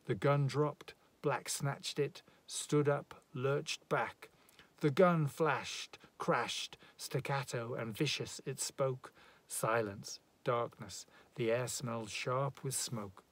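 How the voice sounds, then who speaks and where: A man giving a dramatic, rhythmic reading of a rhyming narrative poem. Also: medium pitch. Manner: measured, rhythmic verse delivery. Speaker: poetry reader.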